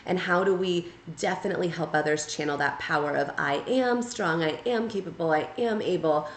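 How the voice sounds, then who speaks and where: In a low voice with vocal fry, a woman gives a casual spoken tarot reading from an echoey room. She talks conversationally, often checking in with "right?" and "okay?"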